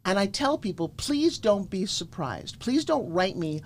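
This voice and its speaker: A middle-aged woman from Florida, a guest pitch coach telling motivational stories emphatically and acting out quoted lines. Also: measured pace, hardly any pauses, a little hiss or hum. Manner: emphatic, animated, acts out quotes. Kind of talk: energetic motivational storytelling.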